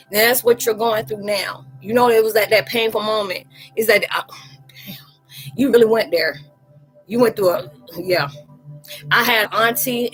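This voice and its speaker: Animated laughing woman telling stories. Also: medium pitch, rough recording. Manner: animated, laughing, slangy, acts out quoted voices. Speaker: live chat host. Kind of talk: casual storytelling chat.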